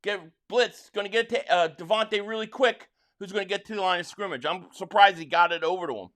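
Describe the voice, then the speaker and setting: A man from Philadelphia hosting a live football watch-along, excitably calling plays and reading viewer chats, stammering on restarts. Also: sits high, fairly quick. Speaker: livestream host and fan.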